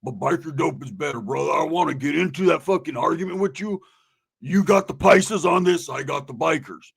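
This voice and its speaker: A man voicing his groggy, drowsy old buddy, who talks in a slow slurring drawl and calls everyone brother. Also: a little high, creaky, breathy edge. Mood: eager.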